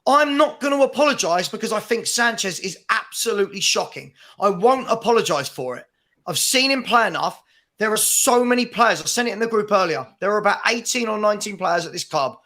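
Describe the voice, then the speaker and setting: A man hosting a heated football fan debate on a video call, forceful and repeating himself as he talks over others. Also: high voice, expressive, fairly quick. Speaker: podcast host.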